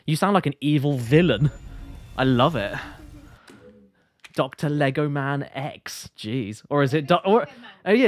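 Chatty rambling male game streamer. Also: fairly high pitch. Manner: chatty, rambling, apologetic, reads chat aloud. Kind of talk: casual live-stream commentary.

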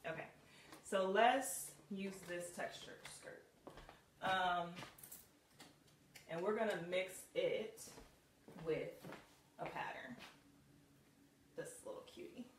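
A woman's voice: fairly low pitch, takes it slowly, long pauses. A woman coaching viewers on putting outfits together in a casual live video, chatty and full of laughs and ums. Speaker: style coach. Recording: roomy, distant, faint hiss.

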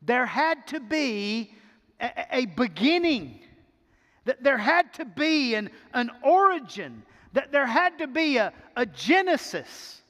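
A man's voice: extremely high pitch, sing-song, takes it slowly, bright, forceful tone, big-room sound. A man preaching a sermon as pastor, emphatic, repeating words as he builds to a point. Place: church sanctuary.

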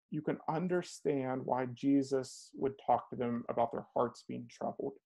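A man's voice: on the high side, a little mellow. A man preaching an informal, conversational sermon who often halts and repeats words as he thinks aloud.

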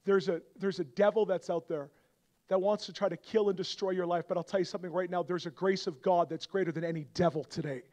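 A young adult man preaching a revival sermon, moving from quiet storytelling to loud, impassioned appeals. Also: fairly even intonation, fast talker. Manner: builds from soft storytelling to loud, high-pitched fervor.

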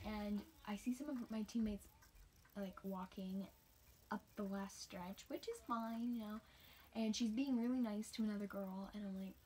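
A woman's voice: medium pitch, darkish tone, a little hiss or hum. Chatty young woman telling a story. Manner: chatty, rambling, drops into whispers. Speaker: homeschooled cross-country runner. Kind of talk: casual storytime.

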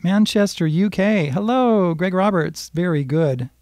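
A man's voice: high voice, measured pace, a little mellow, no echo. A man teaching a live-streamed guitar lesson, explaining music theory patiently and singing bits of the melody. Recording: guitar playing behind voice.

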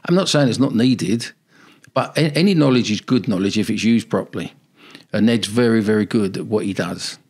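A man's voice: fairly low pitch, fairly quick, darkish tone, slightly rough. An older man, a former football manager, telling rambling anecdotes in a casual interview.

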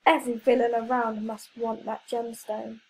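A woman's voice: on the high side, little pitch movement, creaky, a little hiss or hum, rough recording. Woman reading a keen young superhero boy. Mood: eager. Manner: eager, quick to exclaim.

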